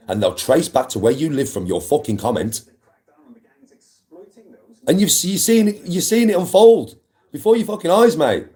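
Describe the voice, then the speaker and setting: A man's voice: mid-range voice, warm tone. A man, a livestream host, ranting at live viewers in an aggressive, defiant, swearing way.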